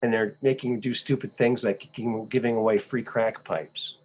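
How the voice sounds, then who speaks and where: A man's voice: mid-range voice, fairly even intonation, normal speed, darkish tone, a little hiss or hum. A male podcast host giving casual commentary on memes, sarcastic and scoffing, often repeating his phrases.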